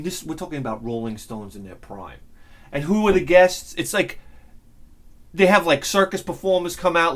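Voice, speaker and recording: Animated, excitable man rambling. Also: a little high. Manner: excitable, rambling, swears freely. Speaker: channel host. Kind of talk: casual storytelling monologue.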